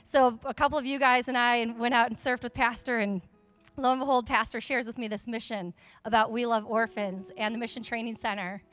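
A woman's voice: on the high side, steady tone, brisk, fairly bright tone, faint music behind. A young woman, a pastor's wife, gives a fervent, chatty testimony to a church congregation on a handheld microphone. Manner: fervent, emphatic, chatty storytelling. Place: church sanctuary during a service.

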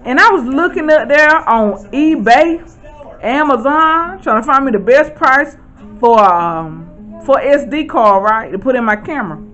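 A woman, chatting excitedly to viewers at home as she shows off her shopping haul. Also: high-pitched, measured pace, muffled recording, soft background music. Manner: chatty, excitable, keeps addressing viewers as y'all. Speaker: vlogger. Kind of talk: casual haul vlog.

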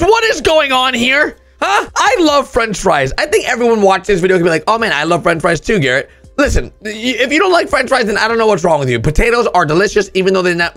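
A young man with a very high, gravelly voice hosts a comedic reaction vlog. His pitch swings widely as he jokes and exaggerates, and he sometimes bursts into shouts. Faint music plays behind him. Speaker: YouTube reaction host. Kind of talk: casual comedic commentary on photos.

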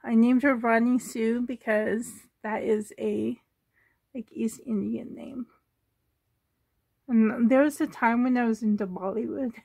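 A woman chatting casually in her home bedroom, soft-spoken and doting, often dropping into a whisper, filming on a handheld camera. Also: on the high side, fairly even intonation, normal speed, creaky, few pauses, no room sound. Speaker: doll collector vlogger. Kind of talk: casual show-and-tell chat.

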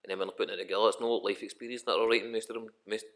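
A man's voice: lowish voice, fairly even intonation, racing, a bit bright. A young Scottish man, a rapper guest on a podcast, talking in a rambling, casual way and swearing often. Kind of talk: casual chat.

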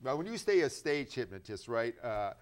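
A man's voice: medium pitch, very animated, moderate pace. A man appearing as a hypnotist guest on a studio talk show, explaining his work casually, listing examples and slipping in jokes. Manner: explanatory, joking, lists examples. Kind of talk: casual interview chat.

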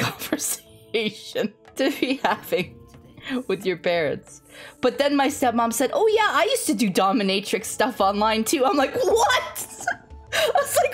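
A young woman streamer telling a family story in casual chat, laughing often and talking in a bubbly, animated way. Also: fairly high pitch.

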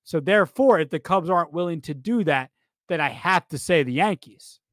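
A man co-hosts a baseball podcast with a slightly high voice. His talk is animated and rambling, and he repeats himself often. The sound is close and dry, with no room echo. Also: normal speed. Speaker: podcast co-host. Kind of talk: casual sports chat.

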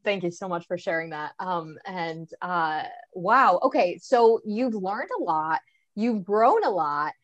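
A woman's voice: fairly low pitch, animated, unhurried, dry recording, lo-fi sound. A woman moderating an online panel interview, talking enthusiastically and chattily with frequent ums.

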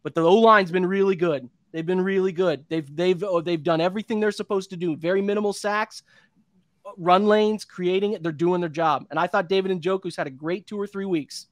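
A man's voice: sits high, brisk, no room sound. Fired-up man in his thirties, ranting. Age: 30s. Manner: heated, frustrated, rambling with restarts. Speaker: sports podcast analyst. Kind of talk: impassioned podcast rant.

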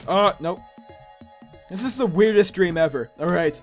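A young man with a dry, strained throat giving excitable, playful let's play commentary, often yelping and laughing. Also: high voice, normal speed, long pauses, faint music behind. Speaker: gaming YouTuber.

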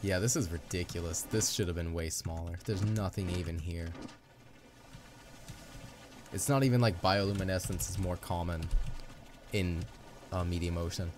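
Young male let's-play host, chatty and upbeat, low voice, game music underneath. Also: moderate pace, long pauses. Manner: chatty, upbeat, playful asides. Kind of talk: casual gameplay commentary.

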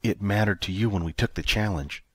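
A man voicing a caring young woman on a spaceship crew, speaking gently but firmly in an audiobook. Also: lowish voice, a little fast, dry recording. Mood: coaxing. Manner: gentle but firm, softly spoken. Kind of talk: audiobook character reading.

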